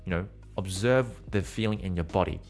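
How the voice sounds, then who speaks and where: A man with a fairly low voice gives a voice lesson, coaching the listener step by step. He stops now and then to sing or voice short vowel and nasal examples. Faint music plays under him. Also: brisk. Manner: demonstrates sung and nasal vowel sounds between explanations; encouraging, direct instructions to the listener. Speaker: singing teacher. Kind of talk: podcast voice lesson.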